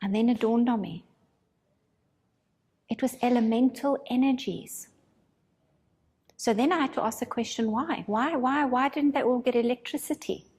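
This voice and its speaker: Breathy woman recounting, echoing hall. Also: on the high side, moderate pace, long pauses. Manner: animated, dramatizes her own thoughts. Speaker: spiritual course teacher. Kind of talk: casual storytelling.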